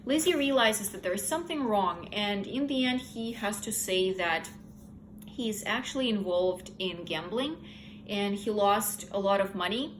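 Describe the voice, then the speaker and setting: A woman's voice: mid-range voice, lively intonation, a little slow, slight background noise, poor audio. A young woman casually recapping a novel's plot in her own words, candid and opinionated. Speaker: book reviewer. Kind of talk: casual book review chat.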